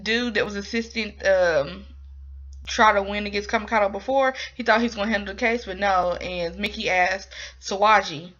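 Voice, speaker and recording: A woman's voice: mid-range voice, normal speed, a bit bright. A young woman casually recapping a drama episode, rambling with lots of ums and likes. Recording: dull lo-fi recording.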